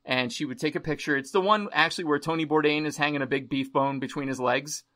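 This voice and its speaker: Bright-voiced enthusiastic male podcast host. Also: on the high side, fast. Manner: enthusiastic, gushing, chokes up at times. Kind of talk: casual interview chat.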